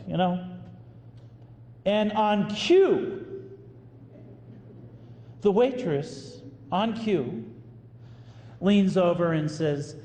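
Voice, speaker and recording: A priest telling a story in a sermon, animated and acting out the voices of the people in it. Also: male voice, sits high, extremely slow, long pauses. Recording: echoey hall with faint room ambience.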